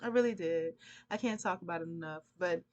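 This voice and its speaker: A woman's voice: fairly low pitch, brisk, darkish tone, highs cut off. A woman vlogging, telling a long casual story in a rambling, chatty way and laughing often.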